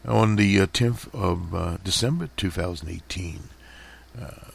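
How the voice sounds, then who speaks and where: A man hosting a radio program, talking slowly through headlines with many fillers and restarts, his voice strained. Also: deep voice, gravelly, breathy edge. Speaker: radio host. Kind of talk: casual commentary over headlines.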